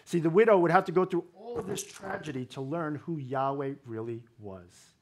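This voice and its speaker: Slightly high-voiced male preacher. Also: normal speed, slight background noise. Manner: conversational, expository with wry humor. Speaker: pastor. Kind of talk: sermon.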